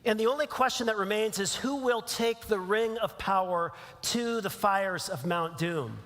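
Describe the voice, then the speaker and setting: Man, pastor, sermon, conversational, high voice, long church reverb. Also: moderate pace, fairly bright tone. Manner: conversational, with filler words and restarts. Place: church sanctuary.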